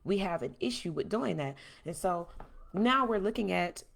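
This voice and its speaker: A woman hosting a podcast, giving a blunt, emphatic, preachy monologue that swings from calm to loud. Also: lowish voice, moderate pace, creaky. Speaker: podcast host. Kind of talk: impassioned monologue.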